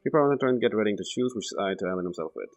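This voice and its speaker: A man's voice: on the low side, animated, rapid-fire, lo-fi sound. A man voicing a weary, jaded woman who once ran a saloon, reading her game lines aloud. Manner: reads game dialogue aloud.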